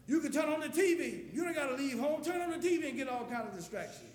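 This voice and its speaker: A man preaching a sermon, telling stories and building to impassioned shouts. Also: very high-pitched, expressive, fast. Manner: impassioned, storytelling, rising to shouts. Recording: echoey hall with long reverb.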